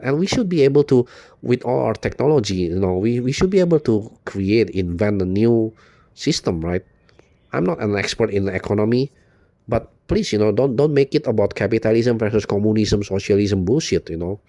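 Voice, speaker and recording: A man with a low, mellow voice talks straight to his viewers in a loose, unscripted monologue. He loops back on his own phrases and leans on "you know" again and again, with bitter swearing throughout. The sound is dry and close. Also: lively intonation, a little fast, dry recording. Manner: rambling, repeats "you know" constantly, profane and bitter. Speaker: video blogger.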